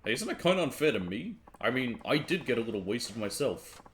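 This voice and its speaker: A man voicing an easygoing, polite grown man who sounds calm and mildly exasperated. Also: mid-range voice, a little fast, a little hiss or hum. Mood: patient. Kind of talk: reading game dialogue aloud.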